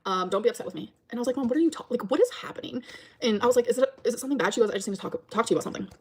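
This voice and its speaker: A woman tells a rambling story to camera, packed with fillers and quoted back-and-forth. She talks fast in a slightly high voice, casual and conversational throughout. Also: lively intonation, darkish tone, slightly rough. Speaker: vlogger telling a story.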